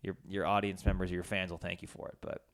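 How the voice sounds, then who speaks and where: A man's voice: deep voice, little pitch movement, quick pace, creaky. A man co-hosting a podcast, telling rambling stories, swearing freely and acting out the people he quotes. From Canada. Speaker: podcast co-host. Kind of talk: casual chat, storytelling.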